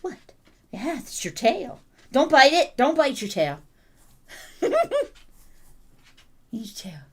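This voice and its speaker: A woman's voice: a little high, sing-song, takes it slowly, a little mellow, breathy edge. A woman hosting a casual livestream, cooing and baby-talking to her puppy and laughing often. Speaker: livestream host.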